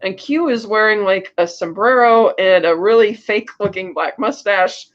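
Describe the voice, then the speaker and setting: A man co-hosting a podcast, casually recapping a film's plot with animated storytelling and frequent restarts. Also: sits high, moderate pace. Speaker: podcast co-host. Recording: slightly muffled lo-fi audio.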